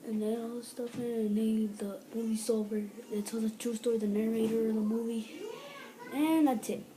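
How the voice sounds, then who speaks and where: A woman's voice: a little high, steady tone, moderate pace, background noise. A woman giving a casual spoken movie review, rambling through the story with lots of "like" and acting out lines in other voices. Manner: rambling retelling full of "like", acting out quotes.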